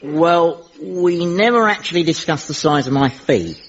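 A man's voice: fairly high pitch, expressive. An actor playing a scheming, money-minded mercenary sergeant who bluffs his way out of trouble. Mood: bluffing. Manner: fast-talking, flustered bluffing. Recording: muffled TV audio with noise.

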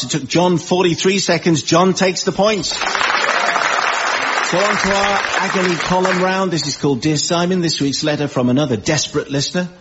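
A man hosting a comedy panel, reading a listener letter in a brisk, mock-formal way. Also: on the high side. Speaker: panel show host. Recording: dull radio sound with background noise.

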